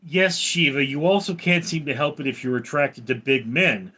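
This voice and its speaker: A man's voice: fairly high pitch, normal speed, sharp tone. A man hosting a live stream, who reads viewer names from chat and teases them. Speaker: livestream host. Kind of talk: casual live chat reading.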